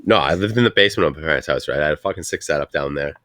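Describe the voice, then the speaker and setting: High canadian dude in his 20s telling a rambly swear-heavy story, bright voice, dry mic. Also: racing, no echo. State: high on weed. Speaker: podcast co-host. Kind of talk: casual chat.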